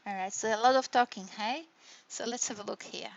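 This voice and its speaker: A woman's voice: on the high side, brisk, creaky. A woman lecturer explaining step by step, often checking in with her listeners with "right?" and "hey?". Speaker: university lecturer. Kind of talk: recorded online lecture on intonation. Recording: dull lo-fi lecture recording.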